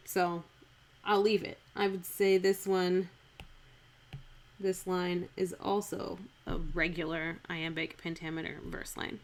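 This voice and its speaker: Slow, chatty woman working through verse. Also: on the low side, fairly even intonation. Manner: chatty, self-correcting, repeats lines aloud to test stress. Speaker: streamer analyzing a Shakespeare speech. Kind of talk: thinking aloud while scanning verse. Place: home streaming setup.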